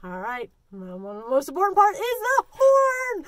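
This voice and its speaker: A woman children's librarian leading a story time, talking in an animated, sing-song way and coaxing the children to join in. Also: sits high, moderate pace, no room sound.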